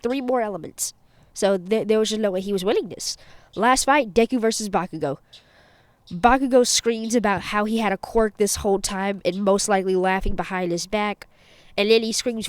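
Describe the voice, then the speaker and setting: A woman's voice: medium pitch, moderate pace, dry recording. Chatty woman telling fan fiction. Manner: chatty, rambling, self-correcting. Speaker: channel host and storyteller. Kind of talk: casual fan-fiction storytelling.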